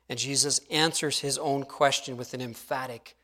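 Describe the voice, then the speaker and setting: A middle-aged male pastor preaching a sermon in an earnest way, often dropping to a hushed tone to stress a point. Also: medium pitch, fairly even intonation, moderate pace, hardly any pauses.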